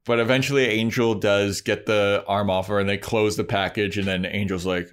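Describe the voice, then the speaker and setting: A man co-hosting a podcast, casually recapping an episode and slipping into quick character voices. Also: fairly low pitch, fairly even intonation, clear, resonant tone. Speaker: podcast co-host.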